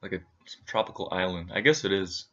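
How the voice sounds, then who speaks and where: A man's voice: low-pitched, fairly quick, bright, forceful tone, highs cut off, a little hiss or hum. A man co-hosting a casual travel recap, chiming in with jokes. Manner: joking, chiming in on his partner's lines. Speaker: co-host recapping a trip.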